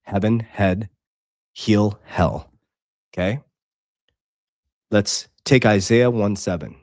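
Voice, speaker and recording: A man's voice: fairly low pitch, slow pace, long pauses, no room sound, studio quality. A man hosting a casual livestream, talking intensely and preachily, reading Bible verses and chat comments aloud. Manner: intense, preachy, swings between loud and quiet. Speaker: livestream host.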